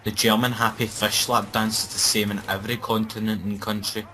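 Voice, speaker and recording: A man's voice: lowish voice, little pitch movement, fairly quick, bright, forceful tone, a little hiss or hum, rough recording. A Scottish man chatting casually and sarcastically while playing a game. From Scotland. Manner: joking, sarcastic banter. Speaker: gaming commentator. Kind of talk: casual gameplay chat.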